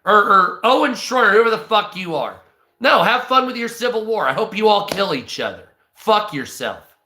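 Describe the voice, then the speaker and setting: A man's voice: sits high, very animated, normal speed, pushed and bright, echoey room. A stoned man reading news aloud on a live stream, breaking off into profane, hostile, sarcastic rants.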